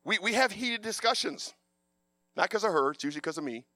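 A man preaching a sermon, passionate and animated, with a loud voice. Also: sits high, brisk, no room sound, clean studio sound.

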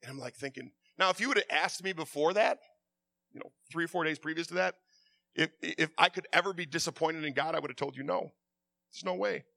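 Delivering a fervent sermon, this man stammers and says words twice, his mood swinging between quiet confession and sudden loud bursts. His voice runs on the high side, gravelly and brisk.

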